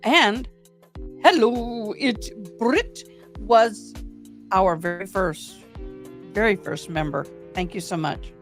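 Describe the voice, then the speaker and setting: Between trial updates, a Tennessee-accented woman hosts a livestream, chatting casually and thanking viewers by name. Her medium-pitched voice takes its time, with soft music playing behind her.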